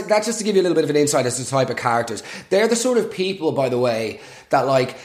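A young man hosting a podcast, delivering a sarcastic, exasperated comic rant and swearing freely. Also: a little high. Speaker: podcast host. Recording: echoey room.

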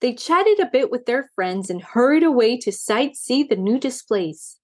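A woman, the book's author, reading her children's story aloud in an expressive way. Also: a little high, moderate pace, hardly any pauses, husky.

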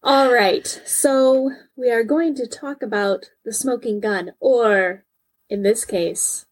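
A woman's voice: on the high side, slow, poor audio. A woman co-hosting a true-crime podcast in casual chat, reading case details aloud in between. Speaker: podcast co-host.

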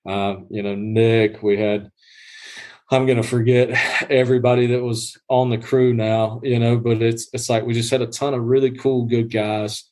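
A man's voice: medium pitch, level tone, moderate pace, darkish tone. Rambling man telling a story. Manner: rambling storyteller with many restarts and fillers. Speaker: guest groundskeeper. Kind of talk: casual podcast chat. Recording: livestreamed podcast.

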